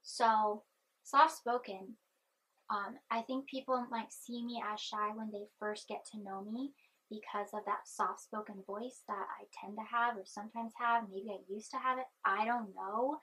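A young woman vlogging in a soft-spoken, rambling way, chewing gum and anxious. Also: mid-range voice, fairly even intonation, measured pace, husky, poor audio. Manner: chatty, meandering, chewing gum. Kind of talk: rambling personal vlog.

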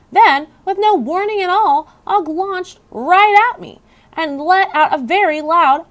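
A woman reading a children's book aloud with expressive storytelling. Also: sits high, normal speed. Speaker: reader.

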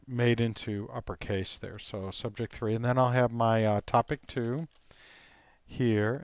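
A man teaching software on a screen recording, relaxed and thinking aloud with frequent ums and uhs. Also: mid-range voice, smooth, no echo, clean studio sound.

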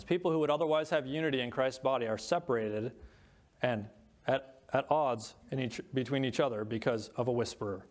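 Male pastor, mid-pitched voice, preaching from scripture with stressed lists. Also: normal speed. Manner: reads scripture aloud, stresses words in lists. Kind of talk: sermon.

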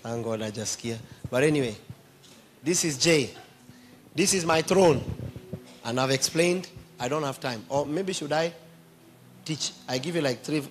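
A man's voice: a little high, measured pace, pauses often, a little hiss or hum. A man preaching a sermon, emphatically quizzing his congregation with questions.

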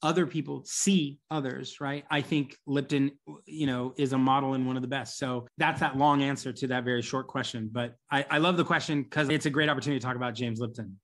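Brief: middle-aged male guest, expressive storyteller, mid-range voice, conversational. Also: mid-range voice, fairly quick, hardly any pauses. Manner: animated storyteller, acts out quoted voices. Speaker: guest, business coach. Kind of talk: conversational interview answer.

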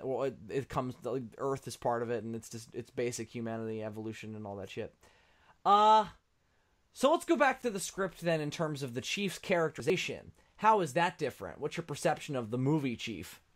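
A man co-hosting a casual podcast chat, joking and swearing with animated energy. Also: mid-range voice. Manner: animated, swears, jokey asides. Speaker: podcast co-host.

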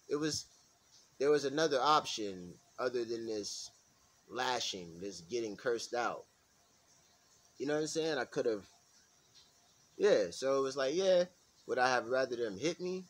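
A man's voice: mid-range voice, lively intonation, a little slow, long pauses. A man vlogging in a heated, profanity-laced rant, repeating himself for emphasis. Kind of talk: casual ranting monologue.

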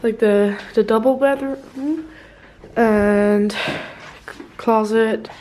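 A woman's voice: on the high side, steady tone, drawn-out words, a little mellow, slight background noise, rough recording. A young woman from the Netherlands, giving a casual, giggly vlog tour of a new apartment, laughing often and swearing freely. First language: Dutch. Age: young adult. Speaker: vlogger.

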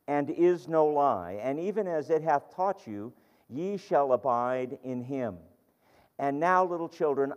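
A man's voice: medium pitch, darkish tone. A man preaching a sermon, reading scripture aloud and telling stories with earnest, rising emphasis. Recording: dull lo-fi sound with long hall reverb.

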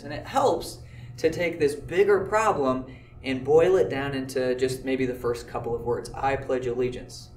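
A man's voice: a little high, echoey room, distant mic, a little hiss or hum. A man teaching a math lesson, explaining step by step in an easygoing way with occasional filler words. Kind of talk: classroom lecture video.

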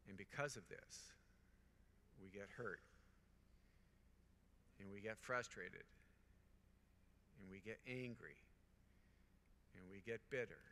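Man, middle-aged priest, conference sermon, earnest repeating cadence, bright tense voice, reverberant hall. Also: fairly low pitch, takes it slowly, long pauses, slight background noise. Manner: earnest, repetitive preaching cadence with anecdotes. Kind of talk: conference homily.

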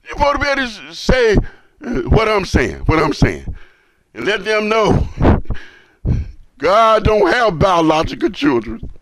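A man's voice: sits high, sing-song, unhurried, vocal fry. A man giving a Friday sermon as imam, repeating lines emphatically and asking rhetorical questions. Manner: swings between hushed and loud, rising to forceful.

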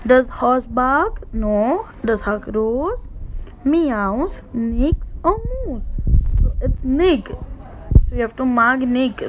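Woman, Indian English accent, teacher of young children, sing-song, high voice, slow delivery. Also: slight background noise, poor audio. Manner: slow, sing-song, mimics animal sounds for kids. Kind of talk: online class for young children.

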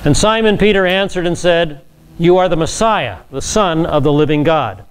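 A man's voice: a little high, animated, normal speed, smooth. Man teaching a conversational Bible class. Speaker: pastor.

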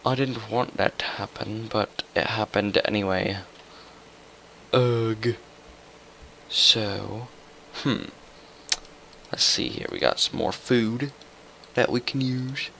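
A young man talks his way through a video game in a low, gravelly, unhurried voice. He mutters to himself and bursts into excitement at tense moments. His tone is bright and edgy, and a faint hiss sits under the recording. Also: low-quality recording. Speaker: gaming YouTuber. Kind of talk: casual gameplay commentary.

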